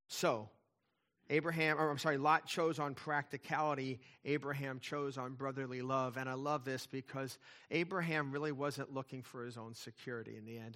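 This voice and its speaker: Bright-voiced man preaching with fervor. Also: medium pitch. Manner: emphatic preaching with rising and falling intensity. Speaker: pastor. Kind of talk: sermon.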